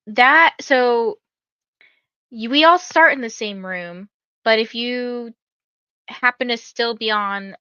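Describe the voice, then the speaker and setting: A woman's voice: a little high, bright, forceful tone, smooth, dry recording, highs cut off. A young woman hosting a reading livestream, chatting casually with viewers and reading out their comments, with lots of fillers. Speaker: livestream host reading books.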